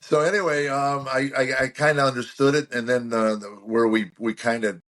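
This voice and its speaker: A man's voice: mid-range voice, steady tone, moderate pace, fairly bright tone. A man in his sixties, a comedian being interviewed, telling wry self-deprecating stories and acting out quoted lines. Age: 60s. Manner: acts out quoted lines and car-engine noises. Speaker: guest comedian. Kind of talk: storytelling interview chat.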